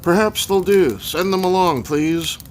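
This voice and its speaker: A man reading aloud and voicing a polite, formal foreign gentleman with a put-on Hungarian accent, in a storybook reading. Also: sits high, a little slow, a little hiss or hum, pitched above the performer's own voice. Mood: courteous. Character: courteous foreign man seeking bones.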